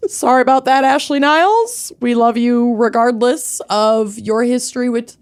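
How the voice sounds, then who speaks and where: Slow-talking bubbly woman co-host. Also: a little high. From Minnesota. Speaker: podcast co-host. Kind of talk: casual chat.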